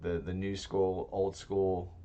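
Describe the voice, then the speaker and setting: A man's voice: sits low, little pitch movement, slow pace, dark tone. A man co-hosting a casual tabletop gaming podcast, talking in rambling, self-interrupting chat. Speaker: podcast co-host.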